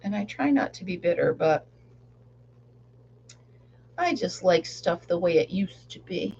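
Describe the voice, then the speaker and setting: A woman's voice: on the low side, expressive, a little slow, vocal fry, lo-fi sound, a little hiss or hum. A middle-aged woman chatting casually on a live stream while she crafts, laughing often and rambling about her day. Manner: chatty, laughs often, sings along softly. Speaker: livestream crafter.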